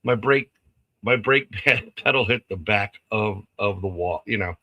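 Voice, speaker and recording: A man's voice: on the low side, a little slow, dull audio. A man casually telling a story on a live stream, acting out the lines of people in it and laughing often. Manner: animated, acts out quotes, laughs often.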